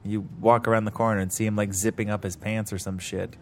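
A man's voice: lowish voice, level tone, quick pace, a little hiss or hum. Blunt man critiquing a film. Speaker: podcast co-host. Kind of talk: casual movie discussion.

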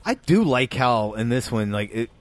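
A man's voice: medium pitch, sing-song, normal speed, no echo. Easygoing man, dry close sound. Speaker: podcast co-host. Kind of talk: casual movie chat.

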